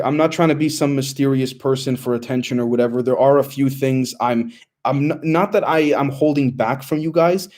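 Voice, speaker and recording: Young male livestream host, mellow tone, loose and rambling, lots of ums while reading chat. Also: mid-range voice. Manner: loose and rambling, many fillers and restarts.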